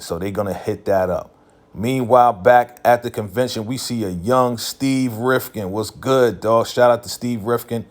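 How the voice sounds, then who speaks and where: A man casually recapping a TV episode in a laid-back, slangy way, full of filler phrases. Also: fairly low pitch.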